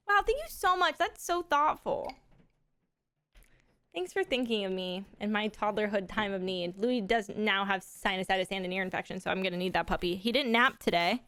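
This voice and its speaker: A young woman and mother chatting casually on a live stream, excitable and gushing. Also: mid-range voice, normal speed, clear, resonant tone. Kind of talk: casual chat.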